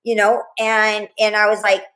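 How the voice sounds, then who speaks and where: Halting middle-aged woman retelling a trauma. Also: medium pitch, flat delivery, fairly bright tone, low-quality recording. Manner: rambling, halting retelling with many restarts and quoted dialogue. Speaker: guest, mother of a murdered student. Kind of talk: emotional interview storytelling.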